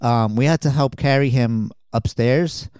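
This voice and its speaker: A man's voice: mid-range voice, measured pace, a little mellow, clear, resonant tone, dry recording, clean studio sound. A man recounting a night out with friends in casual chat, full of "like" and "um" and chuckling. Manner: rambling with many fillers, laughs at his own story. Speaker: friend telling stories.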